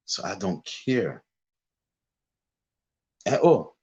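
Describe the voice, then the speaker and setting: A man's voice: fairly low pitch, normal speed, darkish tone. A man ranting on his livestream, emphatic and repetitive, dismissive as he drags out his insistence. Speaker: live streamer. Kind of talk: casual livestream rant.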